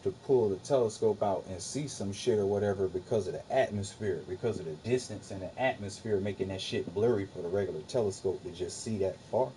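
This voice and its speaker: A young man with a low, mellow voice talks casually on a livestream, firing back at his chat. He is profane and dismissive, and there is a faint hiss of noise behind him. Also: a little fast, hardly any pauses, poor audio.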